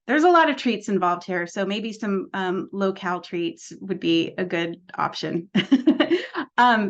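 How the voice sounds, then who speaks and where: A woman's voice: medium pitch, fairly bright tone, lo-fi sound. A woman giving a webinar presentation on cat training, explaining in a friendly way with frequent fillers and repeated words. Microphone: video call.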